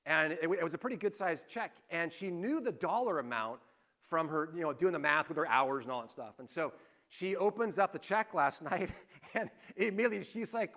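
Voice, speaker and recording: Middle-aged male pastor, high bright voice, chatty sermon with stories and rhetorical questions. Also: fairly quick. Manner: conversational preaching, rhetorical questions, anecdotes.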